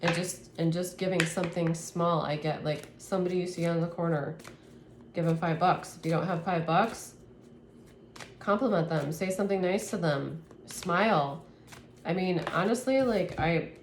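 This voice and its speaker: A woman reads tarot for her viewers in a low voice, earnest and easily moved, laughing now and then. She rambles and restarts her sentences. A faint hiss of noise sits behind her. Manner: earnest, emotional, laughs often. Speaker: tarot reader. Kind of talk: spiritual tarot reading to camera.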